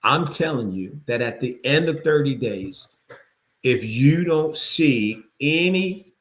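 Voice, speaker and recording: A man's voice: medium pitch, takes it slowly. Guy coaching realtors, pumped up, keeps hammering the same phrase over and over. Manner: energetic, repeats phrases for emphasis. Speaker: real estate coach. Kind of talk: motivational sales pitch.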